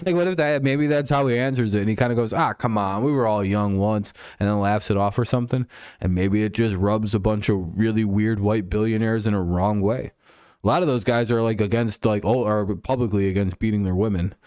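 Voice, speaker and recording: A man's voice: lowish voice, fairly quick, a little mellow, smooth, dry recording, clean studio sound. A man hosting a casual stream, rambling and joking crudely about sports. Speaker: streamer host.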